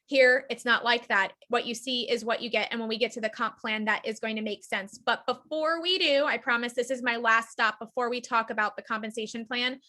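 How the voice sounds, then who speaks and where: A woman's voice: fairly high pitch, fairly even intonation, fairly quick, few pauses, sharp tone. A woman leading a group call, giving an upbeat, persuasive sales presentation. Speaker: team leader presenting a business opportunity.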